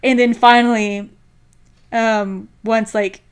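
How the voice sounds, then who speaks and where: A young woman co-hosting a casual podcast, retelling an anime episode in an animated way and saying "like" a lot. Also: on the high side, slow pace, clean tone. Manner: animated storyteller, heavy use of "like", acts out quotes. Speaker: podcast co-host.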